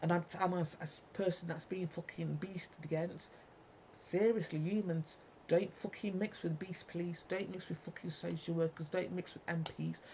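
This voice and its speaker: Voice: mid-range voice, fairly even intonation, normal speed, darkish tone, slight background noise, rough recording. A speaker in an angry monologue to viewers, ranting, repeating and swearing heavily. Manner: ranting, heavily profane, repetitive. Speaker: vlogger.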